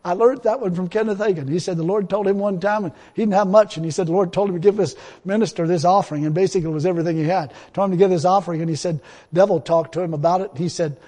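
A man's voice: high voice, steady tone, racing, dark tone, big-room sound. A middle-aged man preaching a sermon in an emphatic, repetitive way, often breaking into laughter and exclamations of praise.

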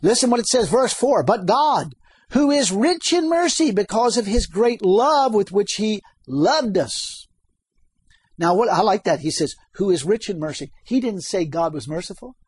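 Husky high-voiced preacher. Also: male voice, animated, moderate pace, no room sound. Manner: emphatic, asks the congregation questions, reads scripture aloud. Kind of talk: sermon.

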